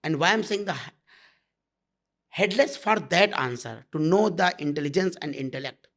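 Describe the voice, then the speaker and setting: A man teaches at a satsang in a high voice with a gravelly edge. He talks bluntly but tenderly to his listeners. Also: animated, moderate pace, a bit bright. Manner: blunt and intimate, calling listeners "my love". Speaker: spiritual teacher. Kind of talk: satsang talk.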